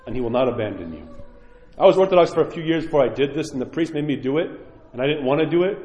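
A man preaching a sermon as a priest, impassioned, swinging from loud pleading to near-whispered prayer. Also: fairly high pitch, expressive, rapid-fire, highs cut off. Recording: echoey church hall.

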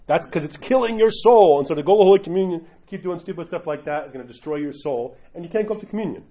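A man's voice: high-pitched, animated, fast talker, mellow. A man who is an Orthodox priest, teaching in a loose conversational way and often checking in with "right?". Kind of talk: informal teaching talk.

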